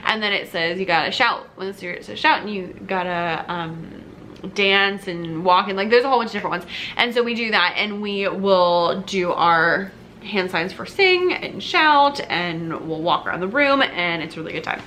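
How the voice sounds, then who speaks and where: Bright-voiced chatty woman music teacher. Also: medium pitch, animated, normal speed, a little hiss or hum. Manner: chatty and upbeat, with many fillers and short sung snippets. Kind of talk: casual talk-to-camera teaching tips.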